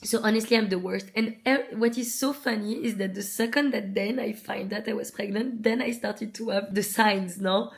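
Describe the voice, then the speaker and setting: A woman, telling personal stories to camera in a chatty, animated way, full of likes and restarts. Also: medium pitch, moderate pace, creaky, few pauses. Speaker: vlogger. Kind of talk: casual storytelling to camera.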